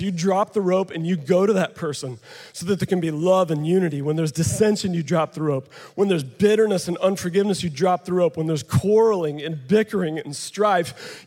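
A man preaching to an audience with a handheld mic, animated and joking, sometimes out of breath. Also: sits high. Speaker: pastor. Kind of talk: sermon with live demonstration. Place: large hall with an audience. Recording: long hall reverb.

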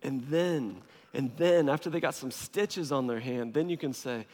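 A man preaching a sermon as a pastor, in a casual, humorous and animated way. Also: medium pitch, normal speed. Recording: long reverb of a large hall.

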